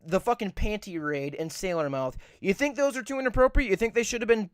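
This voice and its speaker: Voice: medium pitch, a little fast, clear, resonant tone, no echo, studio quality. A podcast co-host in casual chat, rambling and swearing a lot, repeating points for emphasis.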